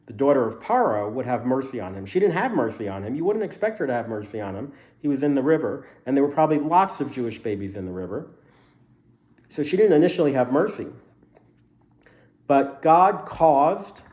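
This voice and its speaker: A man's voice: mid-range voice, darkish tone. A man teaching a casual Bible study class to a group in a room, explaining the text by asking a string of questions.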